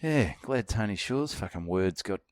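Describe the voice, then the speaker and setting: Lively swearing Australian man storyteller. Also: on the low side, normal speed. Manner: animated storytelling, swears often. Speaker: podcast co-host. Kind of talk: casual chat.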